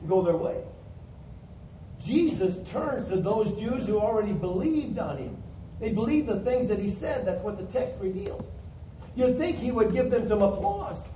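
A man's voice: sits high, animated, normal speed, warm tone. A man preaching a sermon in a church, explaining scripture in a plain, teaching way and acting out the voices he quotes. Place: church hall. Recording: echoey hall from a distance, faint hiss.

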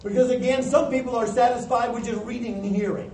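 A man with a high but mellow voice preaches a plain-spoken sermon, working through verses and acting out the voices he quotes. He sounds distant from the mic in a roomy church hall with a faint hiss behind him. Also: fairly even intonation, quick pace.

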